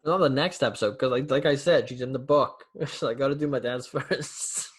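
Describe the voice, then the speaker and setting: A man's voice: medium pitch, moderate pace, slightly rough. A man co-hosting a podcast, teasing his friend playfully and laughing a lot. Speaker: podcast co-host. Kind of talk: casual chat between friends.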